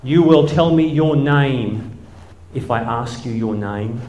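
A man mimicking a stern, self-certain deliverance minister in a slow, commanding, solemn voice. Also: mid-range voice, a little mellow, lightly acted. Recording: echoey hall.

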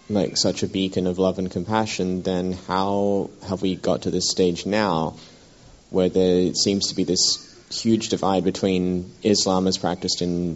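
A man in the audience asks a question, halting and searching for his words. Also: low voice. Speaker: audience member asking a question. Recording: dull lo-fi recording.

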